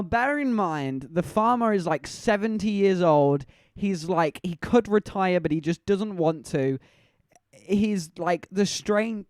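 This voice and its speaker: A man telling a story to his live-stream chat, animated and laughing, teasing the viewers. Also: high-pitched, no room sound.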